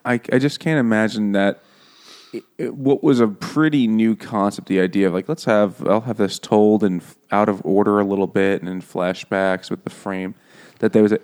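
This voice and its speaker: A man in casual book talk, speaking in a dry, wry, deliberate way. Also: fairly low pitch, steady tone, darkish tone.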